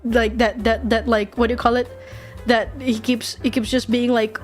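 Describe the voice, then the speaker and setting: A woman streamer chatting casually while she draws, animated, swearing freely and laughing often. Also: on the high side, moderate pace, faint music behind. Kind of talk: casual chat while drawing.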